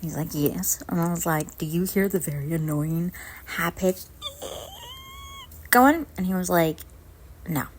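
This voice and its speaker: A young adult woman telling a story to camera in a casual vlog, animated and acting out the dialogue. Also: on the low side, normal speed, a little hiss or hum. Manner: animated, acts out both sides of dialogue. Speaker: vlogger.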